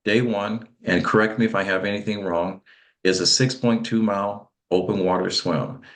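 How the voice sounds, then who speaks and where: A male interview host with a very deep voice. He talks in an emphatic, chatty way and stammers into repeats as he sets up questions. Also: steady tone, moderate pace, fairly bright tone.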